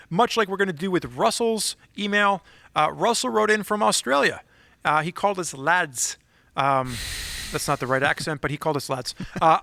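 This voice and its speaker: A man's voice: on the high side, vocal fry, bright, forceful tone, dry recording. A man co-hosting a casual podcast, chatting and reading listener emails aloud. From Philadelphia area. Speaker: podcast co-host.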